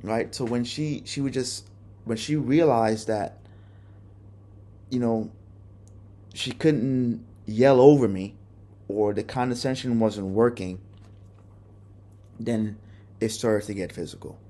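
A man's voice: mid-range voice, takes it slowly, long pauses, dark tone. A young man hosting a podcast, telling a personal story in a candid, profane, rambling way with many restarts. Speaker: podcast host.

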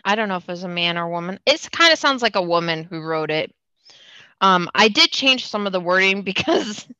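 A tipsy woman hosting a podcast reads a story aloud, breaking off with giggling asides and apologies in casual storytelling chat. Her mid-range voice sounds pushed and bright, with no echo and a lo-fi quality.

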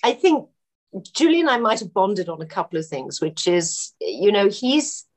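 A woman telling film-set anecdotes in a relaxed interview, often laughing as she talks. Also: medium pitch, moderate pace. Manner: animated, laughing storyteller. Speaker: actress guest.

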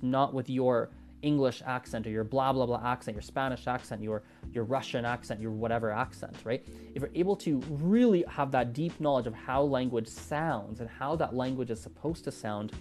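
With a darkish tone at medium pitch, a man who makes language-learning content shares his opinions on the subject. It's a casual monologue where he thinks aloud, restarting often and leaning on fillers.

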